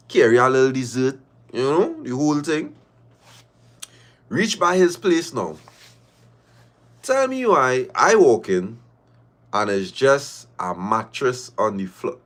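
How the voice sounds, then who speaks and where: A man's voice: mid-range voice, animated, unhurried, long pauses, fairly bright tone. A man hosting a livestream, reading viewer stories aloud and reacting with laughter and repeated phrases. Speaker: livestream host.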